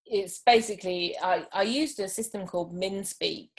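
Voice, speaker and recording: A woman's voice: mid-range voice, normal speed. A woman, a guest in a casual interview, talking thoughtfully with frequent ums. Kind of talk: casual chat.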